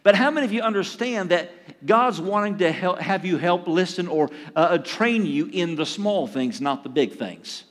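A man's voice: high voice, animated, normal speed. An older man, preaching a sermon to a congregation in a conversational way and telling a personal story. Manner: conversational preaching with acted asides and chuckles. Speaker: pastor. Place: church sanctuary. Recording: long reverb in a church hall.

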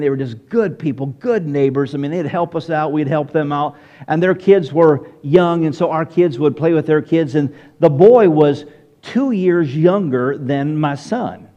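A man's voice: on the high side, dark tone, muffled recording. A man with a Southern US accent preaching a sermon in church, asking the congregation questions directly. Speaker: pastor.

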